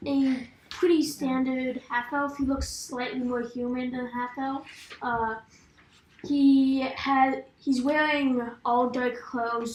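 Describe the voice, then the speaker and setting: Woman player, slow and hesitant; echoey room with faint noise. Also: high voice, darkish tone. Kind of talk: describing a tabletop character. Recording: roomy echo, faint noise.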